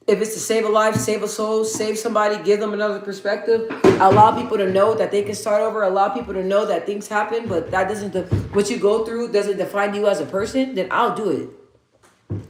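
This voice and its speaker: A woman's voice: mid-range voice, echoey room. A woman hosting a casual livestream, talking candidly and rambling, swearing freely and reading out viewer comments. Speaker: livestream host.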